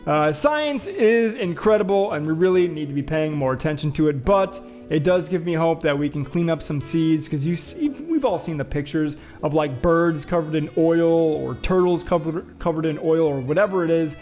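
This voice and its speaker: A chatty young man with a slightly high voice, hosting a casual vlog. He reads news headlines aloud and riffs on them with quick jokes, over faint background music. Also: lively intonation, darkish tone. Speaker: show host.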